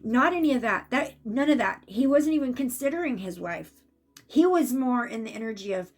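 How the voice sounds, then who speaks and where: A woman giving a casual spiritual reading as an intuitive reader, chatty and animated when she acts out what spirits say. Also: on the high side, brisk.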